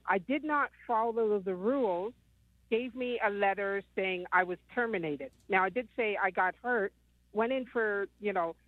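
A woman's voice: mid-range voice, no echo. Woman in her fifties, caller, rambling with many ums, tinny phone line, dry sound. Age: 50s. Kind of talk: phone-in call.

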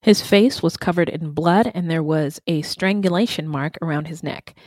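A woman's voice: low-pitched, normal speed, a little mellow, no echo. A woman co-hosting a true crime podcast, chatty and laughing, with stammering restarts. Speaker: podcast co-host. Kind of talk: casual true crime chat.

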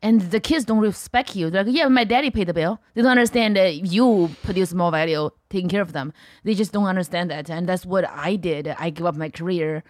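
A woman's voice: lowish voice, fairly quick, hardly any pauses, no echo, studio quality. A middle-aged woman with a Chinese accent, speaking bluntly in broken English as a comedian guest on a podcast. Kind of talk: casual podcast chat.

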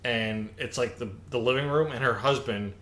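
A man's voice: mid-range voice, normal speed, a bit bright, slight background noise. A man telling a story in casual podcast chat, laughing often and using many fillers.

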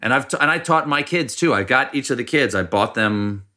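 A middle-aged man from South Carolina, a podcast guest telling wry, animated stories. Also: medium pitch, a little fast. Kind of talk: casual conversation, storytelling.

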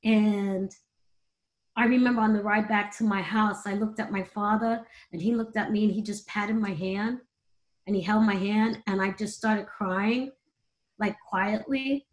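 Speaking a little slowly in a steady, medium-pitched voice, a middle-aged woman from the United States shares personal stories as an interview guest. She is earnest and emotional, candid throughout, and quick to laugh.

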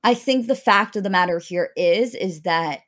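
A woman's voice: medium pitch, a bit bright. Thoughtful woman co-host. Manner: thoughtful, measured opinions with fillers. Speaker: podcast co-host. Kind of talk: casual recap chat.

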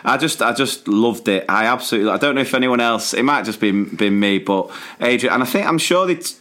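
A man's voice: fairly low pitch, a bit bright. A man co-hosting a podcast, talking casually in a rambling, easygoing way. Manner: rambling, with fillers and restarts. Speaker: podcast co-host. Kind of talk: casual chat.

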